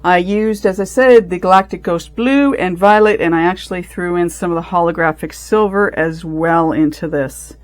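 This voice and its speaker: A woman's voice: fairly low pitch, moderate pace, hardly any pauses, no echo. A woman vlogging as she makes a resin craft, chatting casually, rambling and correcting herself as she thinks aloud. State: out of breath.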